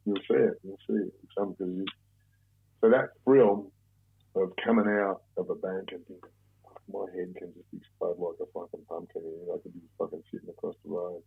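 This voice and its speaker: Gravelly Australian man, phone-like sound. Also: low voice, normal speed. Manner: relaxed, profane, rambling storyteller. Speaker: guest, former bank robber. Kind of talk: casual storytelling interview.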